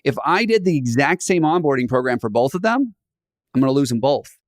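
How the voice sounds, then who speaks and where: A man talking as a podcast guest about hiring, animated and acting out little scenes. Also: medium pitch, brisk, no echo, studio quality. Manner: animated, playfully acts out scenes. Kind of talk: conversational podcast interview.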